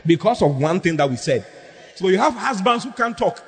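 A man preaches with a high, lively voice, leaning into humor and call-and-response. His speech rings in a hall with a long echo. Faint background noise hangs underneath. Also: a little fast. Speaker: pastor. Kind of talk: sermon.

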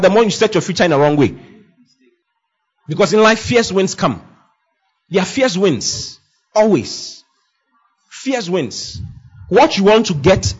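Male preacher, husky and emphatic, with a muffled lo-fi recording. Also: sits high. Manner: emphatic, repetitive declarations, swings from loud to hushed. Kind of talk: sermon. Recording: dull lo-fi sound.

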